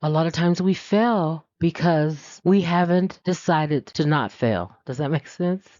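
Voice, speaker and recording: Animated woman preaching a chatty sermon. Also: unhurried, no echo. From US West Coast. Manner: animated, puts on high voices for quotes, laughs often. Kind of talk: conversational sermon. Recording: dull, dry lo-fi recording.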